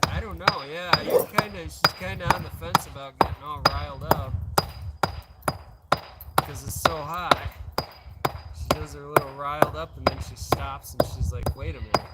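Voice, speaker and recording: A man's voice: on the high side, fairly even intonation, moderate pace. Guy rambling at his dog on a hot day outside, kinda far from the mic, lots of noise. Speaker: livestream host. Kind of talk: casual outdoor chat. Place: outdoors in a yard on a hot day.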